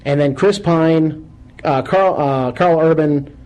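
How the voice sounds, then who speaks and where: A man hosting a call-in radio show, chatting casually and animatedly with loud bursts of exclamation. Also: fairly high pitch, takes it slowly, low-quality recording.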